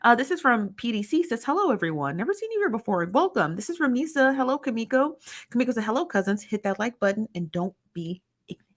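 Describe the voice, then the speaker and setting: A woman's voice: on the high side, sing-song, quick pace. A woman hosting a casual livestream, chatty and slangy, greeting viewers by name. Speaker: livestream host.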